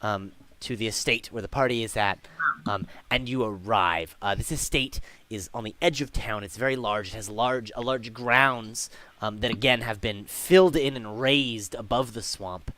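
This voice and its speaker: A man's voice: on the low side, normal speed, a bit bright. A man narrating a tabletop game as game master, casual and full of fillers.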